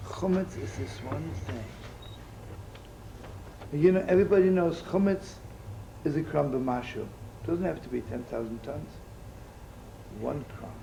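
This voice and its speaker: A man's voice: fairly high pitch, measured pace, creaky, pauses often, mellow, rough recording. A man giving a storytelling sermon with jokes, acting out the voices in his stories. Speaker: rabbi giving a talk. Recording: live talk with faint room noise.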